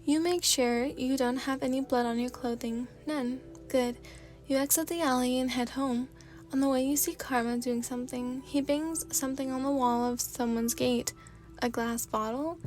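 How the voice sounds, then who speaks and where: A woman's voice: high-pitched, fairly even intonation, normal speed, a little mellow, faint music behind. A woman narrating a second-person fanfiction story in an ASMR reading style.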